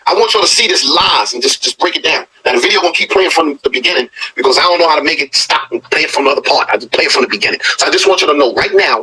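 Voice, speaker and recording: A man's voice: a little high, pushed and bright, a little hiss or hum, low-quality recording. A man hosting a reaction video, telling a story in blunt, profane, scoffing casual commentary.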